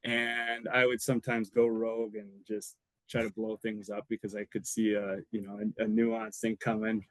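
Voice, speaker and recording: Laughing between anecdotes, a former college lineman shares rambling stories as a podcast guest in a casual storytelling style. His fairly low voice has a flat delivery at normal speed, captured in a dry, low-quality recording.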